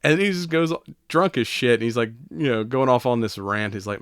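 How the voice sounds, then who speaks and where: A man co-hosting a casual podcast, retelling a movie in a loose, rambling way with plenty of swearing and laughter. His voice is smooth and clear. The sound is dry and close. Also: medium pitch, lively intonation, fairly quick, dry recording. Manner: profane, rambling, laughs often. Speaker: podcast co-host.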